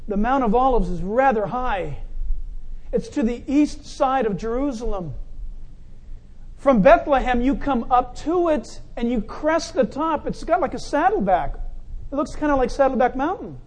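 A man preaching a sermon, animated, acting out the crowd's shouts and stepping in and out of the voices of the scene. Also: very high voice, normal speed. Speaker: pastor.

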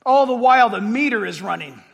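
Male pastor with a very high voice, emphatic preaching with loud-to-hushed swings, long hall reverb. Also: animated, a little fast, creaky, dull audio. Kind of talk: sermon.

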